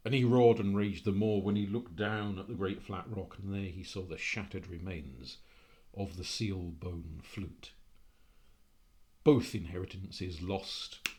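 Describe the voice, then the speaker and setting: A man telling a folk tale live at a convention, with dramatic delivery that swings between slow and hurried. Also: on the low side. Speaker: storyteller. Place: convention room.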